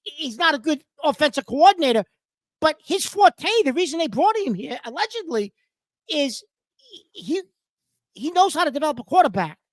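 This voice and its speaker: A man's voice: very high voice, sing-song, moderate pace, dry recording. A man co-hosting a casual sports talk show, insistent, talking over his partner and correcting himself mid-sentence. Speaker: co-host.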